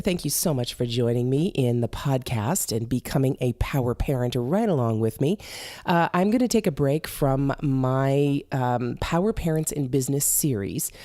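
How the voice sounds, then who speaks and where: A woman hosting a podcast in a bubbly, chatty way, her voice a little hoarse as it recovers. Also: rumbling low, dark tone, dry recording, clean studio sound. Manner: bubbly, chatty, many fillers. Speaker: podcast host. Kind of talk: casual podcast chat.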